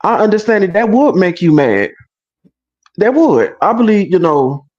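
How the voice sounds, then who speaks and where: A man's voice: high voice, fairly quick, lo-fi sound. A male livestream co-host chatting casually and explaining a clip. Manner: relaxed, agreeable, explains the situation. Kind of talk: casual reaction chat.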